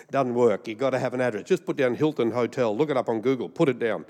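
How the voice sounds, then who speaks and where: A man's voice: medium pitch, fairly quick, darkish tone. A male pastor with an Australian accent, preaching a humorous storytelling sermon. He rambles through jokey stories and laughs at his own punchlines. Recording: long hall reverb.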